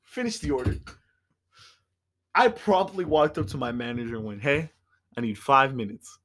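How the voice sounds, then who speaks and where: A man podcast host telling a story in casual chat, animated, acting out customers and swearing freely. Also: medium pitch, moderate pace.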